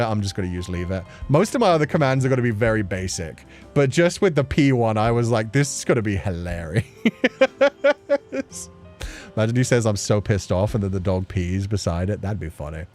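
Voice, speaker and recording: A man with a mid-pitched voice chats casually on his livestream, answering viewers' questions. He sounds playful and laughs easily, and his pitch swings up and down a lot. Quiet music plays faintly behind him. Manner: chatty and playful, laughing often between thoughts. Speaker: streamer. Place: at home.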